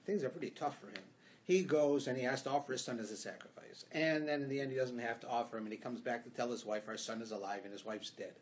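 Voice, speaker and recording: A man's voice: mid-range voice, fast. A man with a Canadian accent, a rabbi giving a conversational Torah class in a synagogue, telling stories and acting out bits of dialogue as he goes. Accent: Canadian English. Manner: conversational, animated storytelling with acted-out dialogue.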